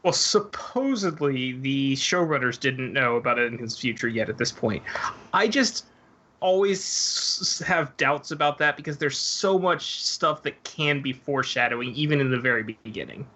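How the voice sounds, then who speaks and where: Bright-voiced man, podcast guest. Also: medium pitch, animated, moderate pace. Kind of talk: casual podcast chat.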